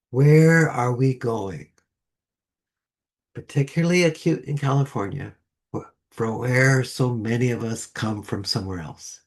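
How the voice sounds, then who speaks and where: A man delivering a sermon to a congregation with a slow, measured delivery and deliberate pauses. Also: mid-range voice, darkish tone, breathy edge. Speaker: lay speaker. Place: church sanctuary.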